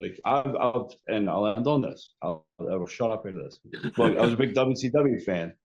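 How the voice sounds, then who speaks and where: A man's voice: lowish voice, normal speed, darkish tone, highs cut off. A man co-hosting a wrestling podcast, talking casually and rambling with lots of "like" and swearing. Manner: rambling, profane, heavy filler "like". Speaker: podcast co-host. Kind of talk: casual chat.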